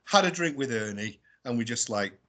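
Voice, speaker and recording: A British man, a guest explorer, telling a story casually and in an animated way, often adding tag questions and laughing as he talks. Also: medium pitch, moderate pace. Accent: British English. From England. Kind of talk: casual storytelling on a radio show.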